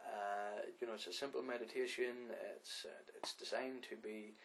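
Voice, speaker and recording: A man's voice: medium pitch, fairly even intonation, low-quality recording. Hesitant man guiding meditation. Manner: hesitant, with frequent filler sounds; slow, softly spoken breathing instructions. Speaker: podcast host and meditation guide. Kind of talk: podcast talk and guided meditation.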